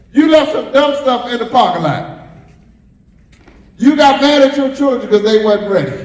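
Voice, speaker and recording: A man's voice: sits high, a little mellow. A man preaching a sermon as pastor, repeating phrases and drawing responses from the congregation. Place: church sanctuary. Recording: echoey hall, roomy reverb.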